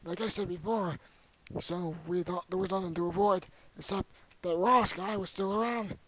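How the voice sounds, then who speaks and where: Young guy playing a rambling ancient old man, boastful and crude, bright excitable voice. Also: high voice, normal speed, slight background noise, low-quality recording. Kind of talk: amateur comedy monologue.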